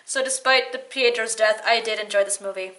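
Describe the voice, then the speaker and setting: Bright, enthusiastic woman chatting. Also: on the high side, fairly quick. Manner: enthusiastic, laughs easily. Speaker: co-host. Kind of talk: casual movie chat.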